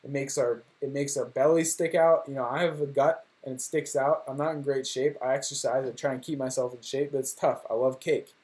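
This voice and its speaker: A man's voice: medium pitch, fairly even intonation, a little fast, hardly any pauses, darkish tone. A young man chatting casually on a livestream from home, rambling and joking at his own expense. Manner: rambling, joking, self-deprecating. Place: home room.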